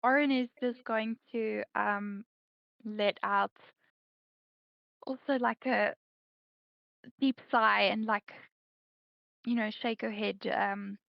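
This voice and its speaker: A woman's voice: mid-range voice, steady tone, slow, creaky, pauses often, dry recording, lo-fi sound. A woman narrating her character's actions in a tabletop role-play game, hesitant and full of fillers. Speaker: player.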